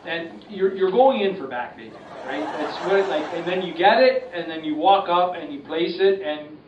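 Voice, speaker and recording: A man's voice: high-pitched, normal speed, noisy background, close to an everyday voice. A man playing a rambling hoser sidekick in a comic sketch, full of "like". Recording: echoey, distant, dull lo-fi.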